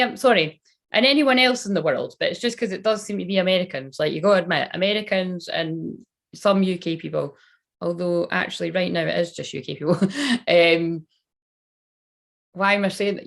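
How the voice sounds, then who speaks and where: A young Scottish woman with a fairly low, gravelly voice does a tarot reading on a casual livestream. She's chatty and rambling, swearing now and then.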